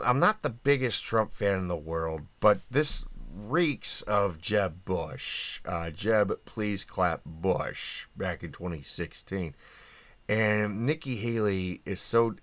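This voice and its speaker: A man's voice: low voice, a bit bright, no room sound. A man hosting a podcast, giving a casual opinionated monologue on the news with plenty of ums and uhs. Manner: wry, opinionated, many fillers. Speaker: podcast host. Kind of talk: casual political commentary monologue.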